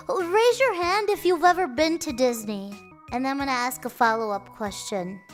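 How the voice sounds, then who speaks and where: A woman's voice: sits high, expressive, normal speed, faint music behind. A young woman streamer chatting casually to her viewers, telling stories in a playful, chatty way. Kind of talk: casual chat.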